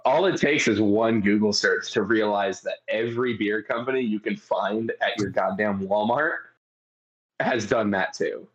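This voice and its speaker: A man co-hosting a podcast in casual chat, telling stories excitedly, laughing often and swearing freely. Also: fairly low pitch, normal speed, lo-fi sound. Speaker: podcast co-host.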